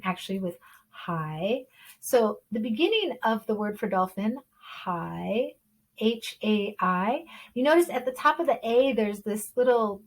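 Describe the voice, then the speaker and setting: A woman's voice: mid-range voice, rough recording. A woman gives an online Chinese lesson for beginners. She explains patiently and sounds out each syllable so learners can copy her. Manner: patient, explanatory, models tones aloud. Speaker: Chinese teacher.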